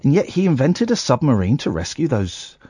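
A man hosting a late-night radio phone-in, incredulous and quick to joke. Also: mid-range voice, sing-song, mellow, breathy edge, no room sound, clean studio sound. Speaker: radio host. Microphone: studio microphone.

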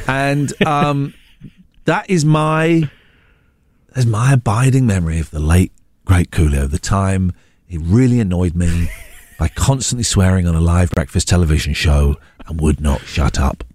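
A British man in his forties, a radio show host, chatting casually and telling animated, self-mocking stories. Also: deep voice, measured pace, no room sound. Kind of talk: casual chat.

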